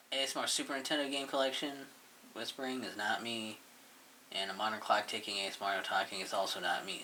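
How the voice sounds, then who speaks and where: A man with a lowish, very bright and cutting voice, rambling casually through commentary on his own channel. He mumbles along and swears offhandedly, in a loose, unscripted way. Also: slight background noise. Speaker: YouTuber reviewing his channel.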